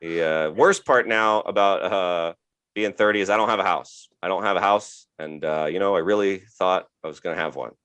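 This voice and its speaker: A man of thirty performs a stand-up set at a live show, with audience laughter audible. His voice is deep, smooth and fairly bright at a normal speed, and his delivery is grumpy and exasperated, slipping into mocking character voices.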